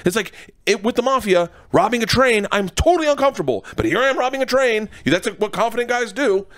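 Man, comedian, animated storyteller, laughs a lot, radio studio interview. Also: extremely high pitch, fast talker, no room sound. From Florida, USA. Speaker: stand-up comedian guest.

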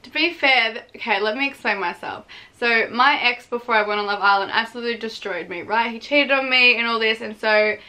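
A woman's voice: on the high side, a little fast, hardly any pauses, sharp tone. A young woman in her twenties chatting casually while reacting to clips of herself, swearing freely and mocking herself.

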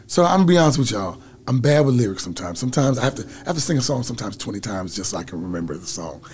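A man's voice: lowish voice, lively intonation, racing, darkish tone. A middle-aged man telling stories from his past in a casual interview, laughing often and breaking into snatches of song. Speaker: guest telling his story.

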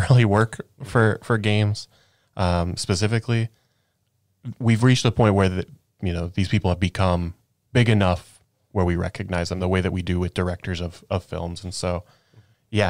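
A man on a games podcast panel, talking in casual chat, thoughtful and measured. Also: low-pitched, a little mellow, no room sound, studio quality.

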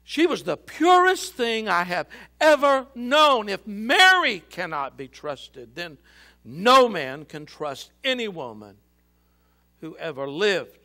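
A man's voice: sits high, very animated, slow, pushed and bright, voice pushed up, full character voice. A man voicing a heartbroken young male carpenter who cries out and sobs in anguish. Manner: crying out, sobbing, pleading.

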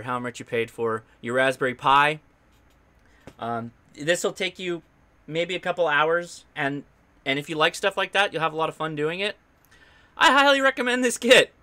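In a sharp, slightly high voice, a man hosting a live ham radio stream from his home station walks through his gear, upbeat and chatty and prone to loose restarts.

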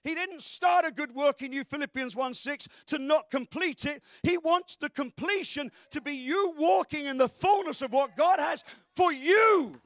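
A man preaching with great fervor, his voice sitting very high and rising into shouts to drive his points home. The sound is close and dry, with no room echo. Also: normal speed, few pauses. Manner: fervent preaching that breaks into shouts. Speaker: pastor. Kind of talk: sermon.

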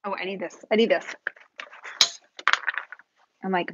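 Painting live, a woman chats nervously and casually with her audience, addressing commenters as she goes. Her fairly low voice stays steady at a moderate pace, and the dull, dry home-stream audio is very noisy.

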